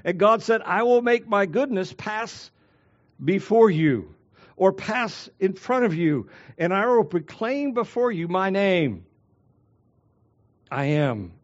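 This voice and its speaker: A man preaching a sermon as a pastor, swinging between loud declarations and hushed, drawn-out phrases. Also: sits high, lively intonation, lo-fi sound.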